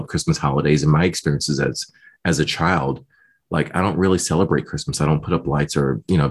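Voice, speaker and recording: A man being interviewed, telling a personal story in a lively way and quoting the people he spoke with. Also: a bass voice, husky. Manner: animated retelling, voicing others in quotes. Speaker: guest.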